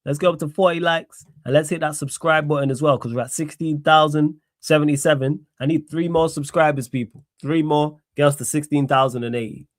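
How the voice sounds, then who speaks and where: A young man with a slightly high voice talks straight into a dry, close mic. He is blunt and sarcastic and drives every point home by repeating it. He sounds tired. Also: steady tone, fairly quick, hardly any pauses, no echo. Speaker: streamer host. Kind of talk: solo live-stream sports Q&A.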